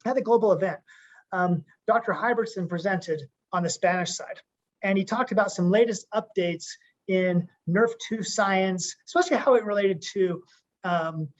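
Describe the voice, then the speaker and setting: A man, a company co-founder, giving an upbeat conference call pep talk, rambling with frequent restarts. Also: sits high. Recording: muffled lo-fi call audio.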